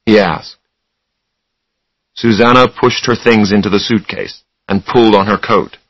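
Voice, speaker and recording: A man narrating a story for English learners in a slow, deliberate, expressive way. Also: lowish voice, husky, no room sound, low-quality recording.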